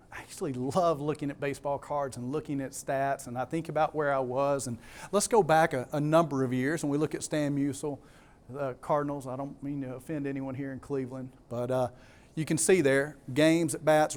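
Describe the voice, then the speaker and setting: A man's voice: mid-range voice, darkish tone. A man with a Southern US accent giving a keynote talk to a live audience, emphatic, repeating key words and putting questions to the crowd. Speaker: conference speaker.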